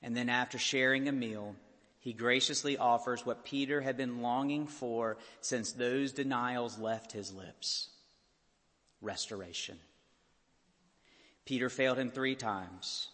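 A man preaching a sermon as a pastor, impassioned and building to loud peaks. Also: medium pitch, fairly even intonation, a little slow. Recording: long hall reverb.

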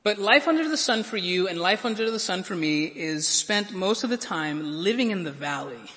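With lively intonation and normal speed, a man preaches in a high, bright, forceful voice that echoes with the long reverb of a large hall. Earnest and given to stumbling over repeated words, he climbs to emphatic peaks to hammer his message home.

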